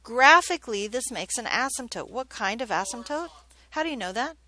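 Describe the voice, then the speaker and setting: A woman's voice: on the high side, animated, a little fast, pushed and bright. A woman math teacher giving a classroom lesson, chatty and joking, often checking in with questions.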